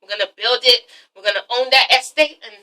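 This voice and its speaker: A woman quoting a tender young man who speaks softly about a new home together. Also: on the high side, quick pace. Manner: soft, hushed, sweet.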